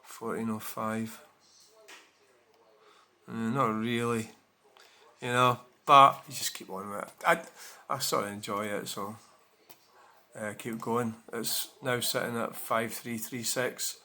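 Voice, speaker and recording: A man's voice: medium pitch, fairly even intonation, slow, pauses often, sharp tone. A man chatting casually to his viewers, rambling with many fillers and restarts. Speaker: channel host. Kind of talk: casual chat to camera.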